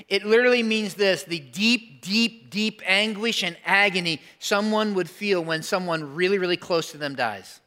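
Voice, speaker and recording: Guy preaching in church, high voice, chatty, keeps asking the room questions. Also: pushed and bright. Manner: conversational preaching, rhetorical questions to the congregation. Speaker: pastor. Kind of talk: sermon.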